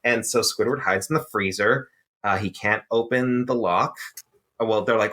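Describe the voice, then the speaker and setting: A man co-hosts a casual podcast, walking his friends through a cartoon episode. His voice sits fairly low but comes out bright and forceful, and he pads his talk with plenty of "uh"s. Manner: animated, with many "uh"s and quick voiced asides. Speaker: podcast co-host.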